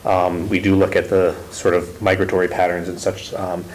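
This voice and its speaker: Low-voiced man presenting, full of ums. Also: flat delivery, darkish tone, a little hiss or hum, poor audio. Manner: halting, many ums and restarts. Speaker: ecological consultant presenting. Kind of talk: public meeting presentation.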